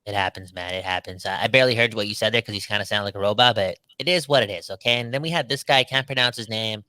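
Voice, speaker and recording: Bright-voiced man, slangy sports banter. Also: mid-range voice, very fast, dry recording. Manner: animated, slangy, emphatic. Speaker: podcast co-host. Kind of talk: casual sports podcast chat.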